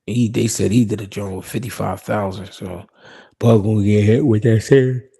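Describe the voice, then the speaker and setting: His voice is on the low side, steady and dark, creaky with a breathy edge, delivered at a moderate pace. He hosts a live stream about boxing, chatting casually with slang, reading viewer comments, laughing often and circling back to repeat himself.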